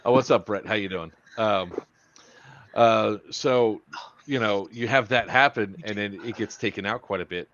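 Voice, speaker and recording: A man with a low voice hosts a loose, casual chat. He rambles and stalls, full of fillers and restarts. The audio sounds dull and lo-fi. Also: normal speed, fairly bright tone, a little hiss or hum. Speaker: podcast host.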